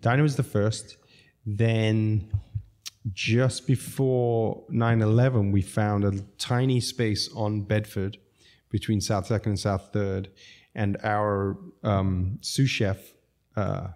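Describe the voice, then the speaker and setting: A middle-aged restaurateur tells podcast stories slowly in a relaxed, mellow voice on the low side. Wandering happily from tale to tale, he bursts into laughter through his lively anecdotes.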